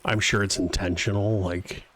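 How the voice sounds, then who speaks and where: Deep-voiced male game streamer. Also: steady tone, moderate pace, a bit bright. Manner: rambling and chatty, talks to his viewers. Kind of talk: casual live-stream chat while playing.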